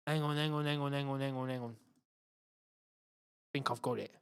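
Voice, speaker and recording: A young man with a London accent hosting a live football watchalong, chatting excitably and muttering to himself as he fiddles with the screen. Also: medium pitch, normal speed, clear, resonant tone. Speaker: football channel host.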